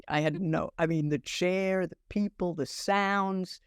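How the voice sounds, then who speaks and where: A clean, lowish female voice, recorded dry in a clean studio, belongs to an older acting teacher appearing on a podcast. She spins animated conversational anecdotes, full of halting restarts and acted-out dialogue.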